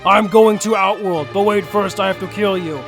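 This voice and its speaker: A man voicing a gloating evil male dragon villain, shouting and drawing out his words. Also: high-pitched, steady tone, moderate pace, creaky, over music. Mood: scheming.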